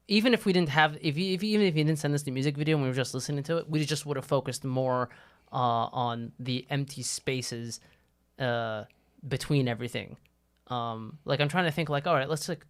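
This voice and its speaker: A man's voice: mid-range voice, fairly quick, clear, resonant tone. A man in his thirties co-hosting a casual live stream, talking in a hesitant, rambling way with many fillers. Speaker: co-host.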